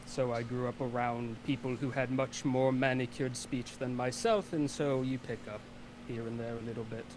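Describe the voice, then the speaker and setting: A man playing his character in a tabletop game, courteous and measured, with hesitant fillers. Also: medium pitch, fairly even intonation, a little mellow. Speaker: player. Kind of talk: in-character roleplay. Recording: background noise.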